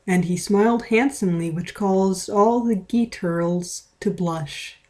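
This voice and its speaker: A woman's voice: on the low side, fairly even intonation, measured pace, hardly any pauses, mellow. A woman reading a fan story aloud in a playful, dramatic way, with small stumbles. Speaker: reader. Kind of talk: read-aloud of fan fiction.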